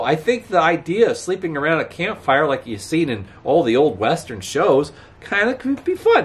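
A man's voice: high-pitched, very animated, moderate pace. Chatty man rambling outdoors. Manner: rambling, chatty, chuckling, talks back to passing traffic. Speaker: vlogger. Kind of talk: casual chat to camera. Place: outdoors by a road. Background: faint outdoor ambience, passing cars.

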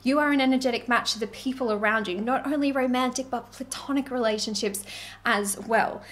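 A woman's voice: a little high, brisk, slight background noise. Chatty woman giving a tarot reading. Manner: chatty and animated, acts out quoted voices. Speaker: spiritual life coach and tarot reader. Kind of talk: casual tarot reading talk to camera.

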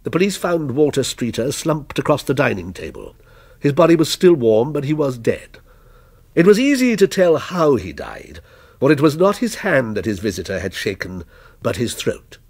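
A man reading a short story aloud in a measured, expressive way. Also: mid-range voice, slightly rough. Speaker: story reader.

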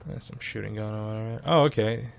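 A man's voice: fairly low pitch, quick pace, creaky, clean tone. A young man giving chatty, casual gameplay commentary and swearing freely. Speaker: let's play host.

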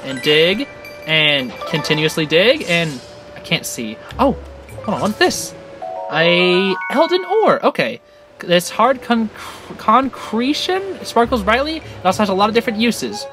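A gaming channel host giving excitable, rambling let's-play commentary with frequent laughs. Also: mid-range voice, a little slow, music in the background.

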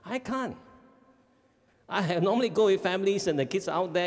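A man with a Singaporean English accent gives a parenting seminar talk as a family life educator, animated and often checking in with the audience. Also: high-pitched, fairly quick. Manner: animated, acts out kids' voices, frequent "okay?" checks. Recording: long hall reverb.

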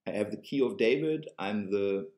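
A man's voice: fairly low pitch, lively intonation, normal speed, a little mellow, echoey room. A man with a German accent preaching emphatically to camera, sarcastic and repeating phrases for effect. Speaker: online religious video host.

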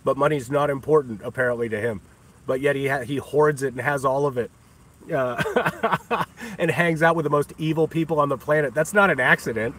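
A man's voice: mid-range voice, moderate pace, a bit bright, husky. A man ranting on his own livestream, scornful and taunting, cursing freely and breaking into laughter often. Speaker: livestream host. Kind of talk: profane livestream rant.

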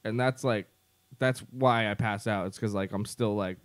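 A man's voice: on the low side, steady tone, normal speed. A young man co-hosting a podcast in casual chat, rambling, swearing a lot and laughing often. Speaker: podcast co-host.

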